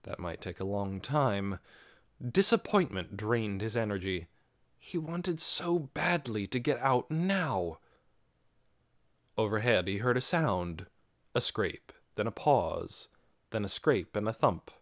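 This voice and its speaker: A man reading an audiobook aloud with expressive storytelling. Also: on the low side, takes it slowly, no echo, studio quality. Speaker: audiobook narrator. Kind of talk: scripted audiobook narration.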